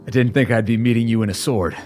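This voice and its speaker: Lower-pitched male player, wisecracking and self-deprecating. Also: fairly even intonation, fast, darkish tone, faint music behind. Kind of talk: playing a character in a tabletop game.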